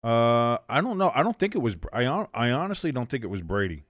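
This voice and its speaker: Lively, rambling male watch-along host. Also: medium pitch, brisk, no room sound. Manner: rambling, self-mocking, swears freely. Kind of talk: casual live game commentary with banter.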